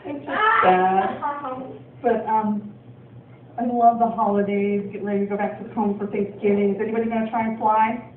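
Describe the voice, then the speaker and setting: A woman's voice: a little high, normal speed, crowd noise. A woman from Portland, Oregon, doing a stand-up comedy set, rambling with lots of ums and laughs. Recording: distant, echoey, phone-like club recording.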